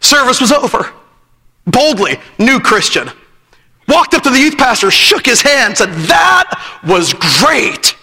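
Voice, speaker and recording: A man with a very high, sharp and bright voice preaches a sermon, hammering his points home by repeating phrases. The sound rings with a long echo from a church hall. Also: expressive, moderate pace. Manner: emphatic, repeats phrases, breaks into laughter.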